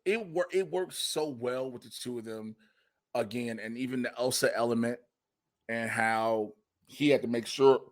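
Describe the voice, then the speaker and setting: A man hosting a podcast in casual chat, animated and profane, acting out quotes in funny voices. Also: mid-range voice, normal speed. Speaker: podcast host.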